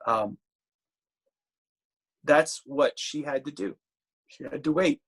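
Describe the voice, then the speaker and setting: A man preaching a sermon in a conversational, halting way, with frequent restarts and slower, weightier reading of scripture. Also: fairly high pitch.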